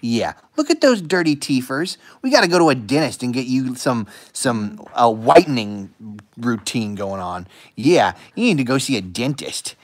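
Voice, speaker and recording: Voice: mid-range voice, very animated, moderate pace. A live stream host at home chatting casually with viewers and talking to the dogs in playful baby talk. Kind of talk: casual livestream chat.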